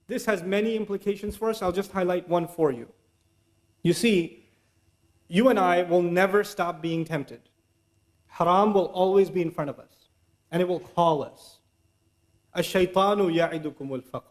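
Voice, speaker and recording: A man giving an animated religious lecture, slipping Quranic Arabic recitation into his English talk. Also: high voice, moderate pace, long pauses. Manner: animated, acts out inner voices and temptations. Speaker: Islamic preacher.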